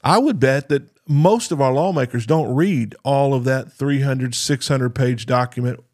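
A man's voice: medium pitch, measured pace, darkish tone, no room sound, clean studio sound. A man hosting a podcast, talking in a blunt, earnest monologue and repeating words when he stresses a point. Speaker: podcast host.

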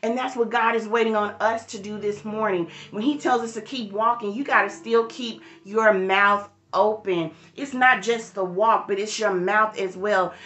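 A woman's voice: mid-range voice, steady tone, moderate pace, hardly any pauses, fairly bright tone, roomy sound. A woman leading a livestreamed morning devotional, preaching with rising emphasis and greeting viewers in the chat by name. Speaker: church devotional leader.

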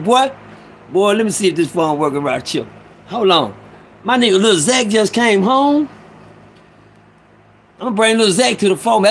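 Excitable high-voiced St. man streaming. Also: slight background noise. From Ferguson, Missouri. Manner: loud, excitable, profane street talk. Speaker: live stream host. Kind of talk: casual live stream chat. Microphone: phone.

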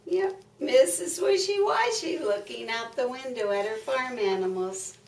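A woman's voice: fairly high pitch, expressive, measured pace, vocal fry, hardly any pauses. An older woman reading a picture book aloud to young children, sing-song and full of exclamations. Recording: echoey room, mic far off.

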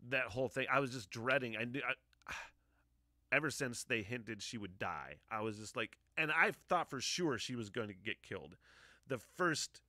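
Podcast host, man in his 40s, bright dry voice, profane emotional rambler. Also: on the low side, no echo. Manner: profane, emotional, sighing often. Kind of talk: casual rambling monologue.

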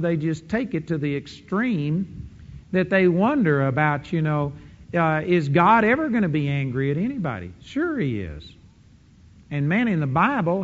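A man preaching a sermon, emphatic, breaking into quick offhand asides. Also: on the high side. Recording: dull lo-fi sound with long hall reverb.

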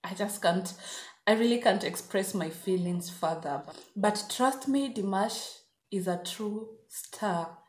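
A woman's voice: mid-range voice, slow. A woman hosting her own reaction vlog, talking in an effusive, gushing way. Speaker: reaction video host. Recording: roomy echo.

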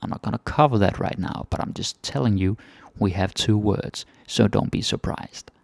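A man's voice: fairly low pitch, normal speed, gravelly, darkish tone, dry recording. A Danish man teaching phrases in a casual, chatty lesson, repeating each one with varied intonation. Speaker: language teacher.

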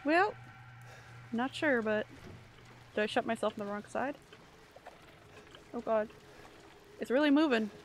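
A woman streaming a horror game, jumpy and excitable, bouncing between shrieks and chatter with her viewers. Her voice sits fairly high and carries a gravelly fry, with a faint hiss under it. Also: unhurried, pauses often. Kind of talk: live gameplay commentary.

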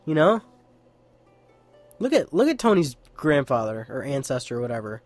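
A man's voice: medium pitch, big pitch swings, moderate pace, no echo, soft background music. A young man giving casual, joking gameplay commentary as a let's play host, laughing and swearing.

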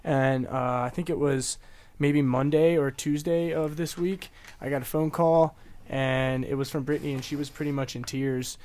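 A man in a casual podcast chat, telling an animated, profane story about an argument. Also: a little high, moderate pace.

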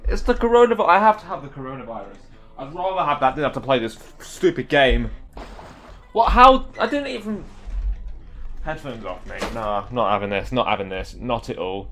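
A man's voice: mid-range voice, lively intonation, brisk, soft background music. A young man giving live gameplay commentary, exasperated and talking back at the game. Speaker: gaming video creator.

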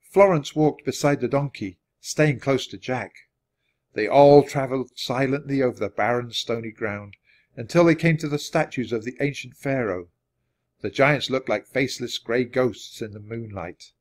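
A man reading a children's chapter book aloud at a steady, natural pace. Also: medium pitch, moderate pace. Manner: steady, clear read-aloud pacing. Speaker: storybook reader. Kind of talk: children's storybook narration.

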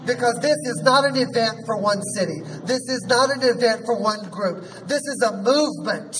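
A man's voice: very high voice, normal speed. A man, a drag queen hosting an outdoor rally, rousing and sassy and leading the crowd in chants. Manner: sassy, rousing, leads call-and-response. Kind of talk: rally speech. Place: outdoor rally in front of a courthouse. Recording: distant mic, faint background noise.

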